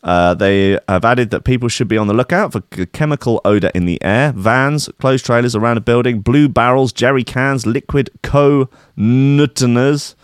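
A man's voice: mid-range voice, normal speed, hardly any pauses, smooth, dry recording, studio quality. A man reads a news article aloud and picks it apart with sarcastic, mock-outraged asides. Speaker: comedic news commentator.

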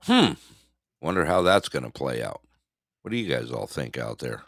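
A man's voice: extremely low pitch, very animated, normal speed, a bit bright, dry recording, studio quality. A man co-hosting a live news show, laid-back and chuckling, greeting viewers in the chat. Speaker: co-host.

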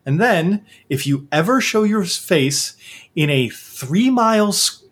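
A man's voice: sits high, animated, slow, a bit bright, husky, pitched above the performer's own voice, full character voice. A man voicing a menacing male vampire crime boss, curt and threatening.

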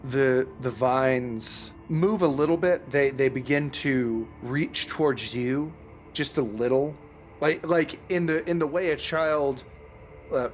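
A man running a tabletop game as dungeon master. He talks slowly and casually and swears freely. Faint music sits behind his voice. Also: medium pitch. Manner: casual, profane, laughing narration.

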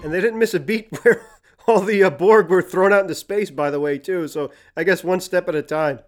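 A man's voice: sits high, a little fast, faint music behind. A man co-hosting a podcast, chiming in with laughing, wry asides while reviewing a TV episode. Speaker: podcast co-host. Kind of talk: casual chat reviewing a TV episode.

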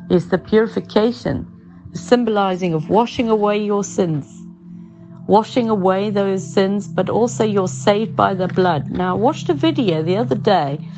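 A woman giving an informal sermon, conversational and earnest, using everyday examples. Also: mid-range voice. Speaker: preacher. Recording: dull lo-fi sound with faint music.

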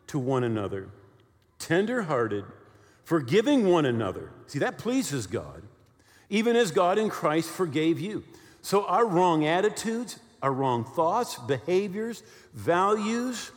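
In a church hall with long reverb, a pastor in his sixties delivers a sermon as animated storytelling. His fairly high voice swings up and down, and he keeps checking in with listeners, often asking "right?"

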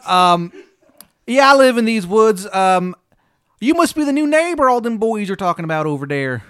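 A man's voice: sits high, very animated, fairly bright tone, clean tone, voice pushed up. A man voicing a chummy old witch woman with an exaggerated bad Maryland accent and a grating twang, drawing out words and calling everyone hun. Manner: drawn-out, overly friendly drawl. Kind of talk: improvised comedy bit.

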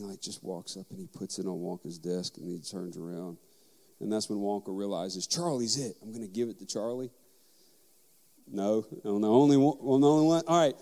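A man, a father of young children, giving a sermon on parenting with lively storytelling and acted-out dialogue. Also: mid-range voice, long reverb tail. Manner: animated storytelling, acting out dialogue. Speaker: pastor.

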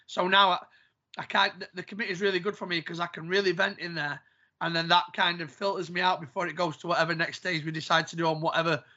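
A man co-hosting a casual football podcast, excitable and quick to react, swearing casually as he talks about refereeing kids' games. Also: high voice, dull audio.

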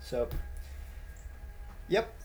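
A man in his thirties hosting a casual monologue, rambling with many halting restarts. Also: a little mellow, faint music behind.

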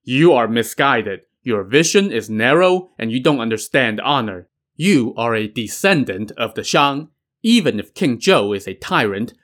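A man's voice: medium pitch, fairly bright tone. A man voicing a proud, stern Taoist sorcerer who lectures and scolds.

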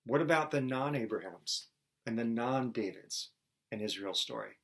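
A preacher voicing an earnest gospel writer, raised pitch. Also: male voice, lively intonation, moderate pace, creaky, a bit bright, breathy edge, full character voice. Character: gospel writer Matthew, adult man, earnest.

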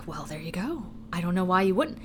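A woman's voice: fairly low pitch, very animated, brisk, fairly bright tone, slight background noise. A woman co-hosting a podcast in casual chat, rambling and swearing freely, laughing as she goes. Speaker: podcast co-host.

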